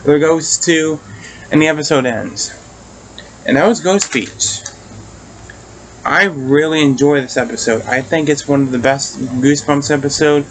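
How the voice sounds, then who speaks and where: A man's voice: fairly high pitch, unhurried, a little hiss or hum, poor audio. A man casually recapping and reviewing a TV episode. He rambles, restarts often and swears casually.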